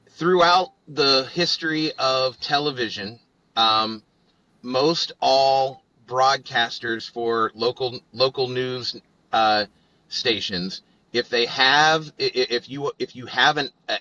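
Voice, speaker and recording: A man co-hosting a podcast, talking slowly in casual chat and stopping often with "um" and "uh". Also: mid-range voice, bright, forceful tone, dry recording, muffled recording. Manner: halting, many fillers.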